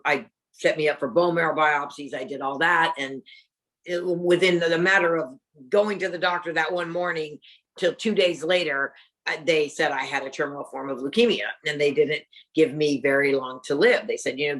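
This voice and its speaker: A woman's voice: deep voice, a bit bright. A middle-aged woman, an interview guest, candidly telling a personal story and acting out the dialogue.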